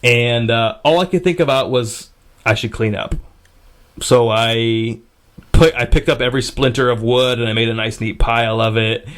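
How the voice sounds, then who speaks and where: A man's voice: mid-range voice, normal speed, a bit bright. A man hosting a podcast, telling a story in a casual way, swearing freely and filling gaps with "uh" and restarts. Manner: profane, rambling with fillers and restarts. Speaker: podcast host.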